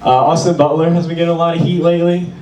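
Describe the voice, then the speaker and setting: A man's voice: fairly high pitch, little pitch movement, very fast, mellow, slight background noise. A man doing a stand-up comedy set, with a loose, rambling delivery full of "like". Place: small bar performance room. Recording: roomy, distant, with audience.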